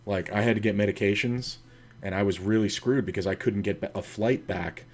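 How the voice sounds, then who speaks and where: A man's voice: on the low side, brisk. A man streaming an online poker session, talking casually and profanely to himself about his hands and telling stories between plays. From United States. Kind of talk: casual commentary while playing online poker.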